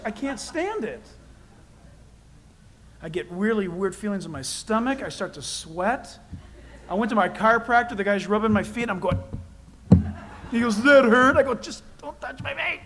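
High-voiced man preaching with emphasis. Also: a little hiss or hum, poor audio. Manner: conversational, emphatic, repeats key phrases; self-deprecating personal asides. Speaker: pastor. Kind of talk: sermon.

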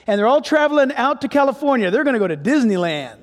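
A man's voice: very high voice, big pitch swings, quick pace. A man, a pastor, preaching a sermon in a conversational, storytelling way. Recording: echoey hall.

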